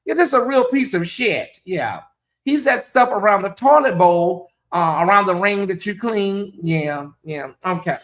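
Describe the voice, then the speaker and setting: A woman's voice: medium pitch, expressive, a little slow. A woman hosting a celebrity gossip show, talking straight to her viewers in a sassy, ranting way, rambling with fillers and cutting herself off. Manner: rambling with frequent fillers and self-interruptions.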